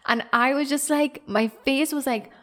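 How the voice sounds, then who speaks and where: A woman's voice: sits high, normal speed. A young adult woman hosting a podcast, telling a story in a rambling casual way, full of fillers, laughing often. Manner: rambling, filler-heavy, animated retelling with frequent laughter. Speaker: podcast host.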